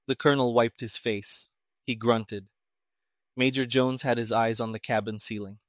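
A man's voice: on the low side, normal speed, dry recording, clean studio sound. Man narrating a detective audiobook. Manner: steady, even reading.

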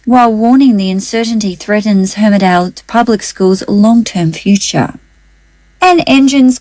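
An Australian woman reads a local radio news bulletin in a measured, formal manner. Her voice sits fairly high, and the studio sound is dry and close. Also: a little mellow, no echo.

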